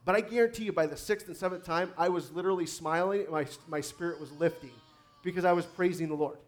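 A male preacher, his voice a little high for a man, delivers a sermon in church. He tells stories, reads scripture slowly and urges listeners with emphatic calls to praise that rise to loud exhortation.

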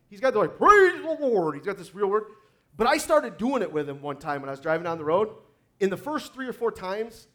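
A man preaching a sermon to a congregation, reading scripture and telling stories with emphatic exhortation. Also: a little high. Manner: emphatic, rising to loud exhortation.

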